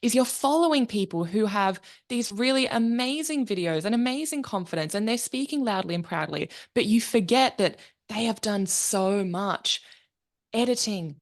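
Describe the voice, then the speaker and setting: A woman who works as a speaking coach, chatting as a podcast guest in an enthusiastic, expressive way and swearing freely. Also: medium pitch, normal speed. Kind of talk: casual interview chat.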